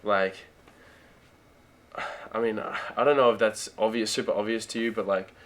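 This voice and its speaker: A young man with an Australian accent, chatting casually as an interview guest, relaxed and full of fillers and restarts. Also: lowish voice, normal speed. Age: young adult. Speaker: guest, college football player.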